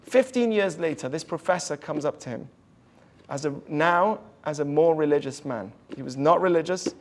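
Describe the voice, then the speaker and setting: Speaking at a moderate pace in a slightly high, animated voice, a rabbi delivers an inspirational talk to an audience. His storytelling is earnest, and he lowers his voice to a hush whenever he quotes someone.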